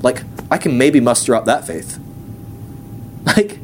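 A man's voice: mid-range voice, animated, unhurried, a little mellow, slight background noise. A man teaching a casual, joking sermon at a ministry school, acting out the voices of people he quotes.

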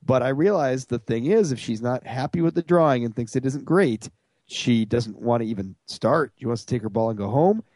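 Lively self-mocking male podcast host. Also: mid-range voice, moderate pace, dry recording. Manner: self-mocking storyteller, acts out voices. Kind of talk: casual chat.

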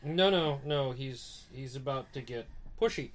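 A man's voice: medium pitch, unhurried, slight background noise. A man hosting a podcast in casual chat, dropping short, dry interjections. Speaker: podcast host.

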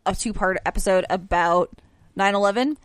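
A woman from the United States in casual podcast chat, earnest and softly agreeable. Her pitch sits in the middle of the range, and the recording is dry and close. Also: moderate pace, clean tone, dry recording. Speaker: podcast co-host.

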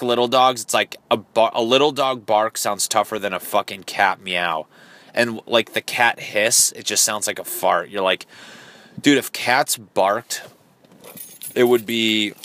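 Profane rambling man, bright tone. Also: on the low side. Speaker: podcast host. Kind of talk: casual solo rant. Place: parked car.

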